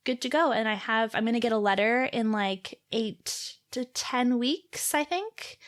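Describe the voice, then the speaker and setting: A woman's voice: fairly high pitch, a little slow. A young Canadian woman in her twenties co-hosting a podcast, telling a story in casual chat and acting out the people in it. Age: 20s. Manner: animated storytelling with acted-out quotes. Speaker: podcast co-host.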